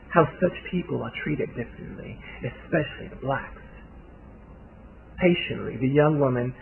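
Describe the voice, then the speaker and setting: A man reads a story aloud in a measured, steady way. His mid-pitched voice has a gravelly edge. The recording sounds thin and phone-like. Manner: measured reading with occasional restarts. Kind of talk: scripted story narration.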